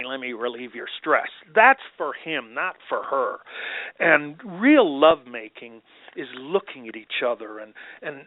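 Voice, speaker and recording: Animated man over a tinny phone line. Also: fairly high pitch, no room sound. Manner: animated storyteller, acts out quoted voices. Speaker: doctor and podcast guest. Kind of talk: conversational interview answers. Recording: phone-like dry remote line.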